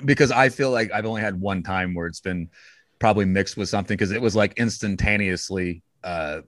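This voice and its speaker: A man's voice: low voice, fairly quick, fairly bright tone, no room sound, clean studio sound. A man talking casually as a guest, rambling with many restarts and fillers. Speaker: podcast guest. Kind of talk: casual conversation.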